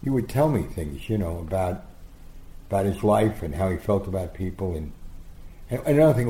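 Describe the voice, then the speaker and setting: A man being interviewed as a guest, telling rambling, animated anecdotes and acting out the quotes. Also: on the low side. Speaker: guest storyteller. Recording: roomy echo.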